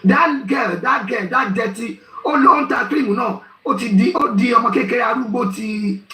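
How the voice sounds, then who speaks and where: A man hosts a live group talk in a high, bright voice. He speaks in a loud, animated way and switches languages as he goes. He sounds far from the mic, with an echoey room around him. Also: a little fast.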